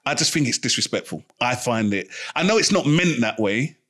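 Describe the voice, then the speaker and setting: A man's voice: medium pitch, animated, brisk, a bit bright. A man co-hosting a podcast, talking casually and insistently, repeating himself and tripping over his words. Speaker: podcast co-host. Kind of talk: casual chat.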